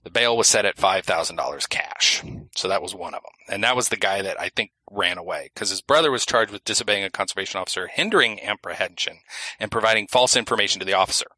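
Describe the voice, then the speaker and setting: A man co-hosts a casual podcast, laughing often as he reads news stories aloud. His voice sits a little low and sounds very bright and forceful. The recording is dry. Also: fast, no room sound, rough recording. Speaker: podcast co-host.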